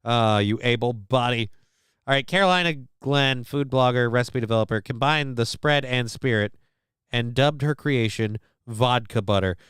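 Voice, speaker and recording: A man's voice: medium pitch, normal speed, fairly bright tone, smooth, no echo. A man hosting a livestream, reading news stories aloud to his chat and cutting in with sarcastic, profane jokes. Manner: sarcastic, profane, joking asides. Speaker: livestream host.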